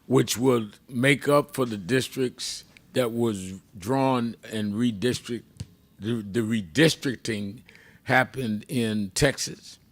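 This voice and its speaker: An older man hosting a radio talk show with a slow, emphatic, measured delivery. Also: medium pitch, gravelly.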